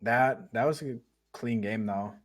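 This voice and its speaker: A man's voice: medium pitch, a little slow, faint music behind. A man, an esports caster, interviewing players in a casual, easygoing way. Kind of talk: interviewing players after a match.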